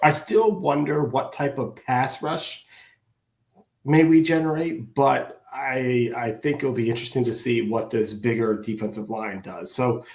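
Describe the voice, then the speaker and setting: Co-host guy, calm and thoughtful, mid voice, echoey room. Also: mid-range voice, measured pace. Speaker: podcast co-host. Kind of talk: casual sports talk.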